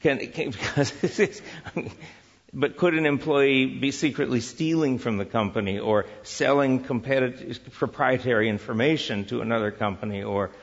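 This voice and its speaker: Guy teaching in a church, husky gravelly voice, keeps asking the crowd questions, kinda dull recording. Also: medium pitch, normal speed, long reverb tail. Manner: lively, asks many rhetorical questions. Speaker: Christian speaker teaching on work and business. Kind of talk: teaching talk with audience interaction.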